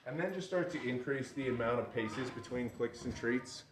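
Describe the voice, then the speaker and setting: A man teaching dog obedience exercises in a relaxed, instructive way. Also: mid-range voice, normal speed, a crowd in the background. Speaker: dog trainer. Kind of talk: outdoor training demonstration. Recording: roomy, distant mic with loud noise.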